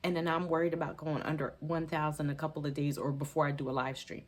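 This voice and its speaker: Rambling, heartfelt woman vlogger, lowish voice. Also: little pitch movement, quick pace. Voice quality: speaks with a gap in her teeth. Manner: rambling, self-correcting, emotional and heartfelt. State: tearful at times. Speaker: budgeting channel host. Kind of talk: casual talk to camera.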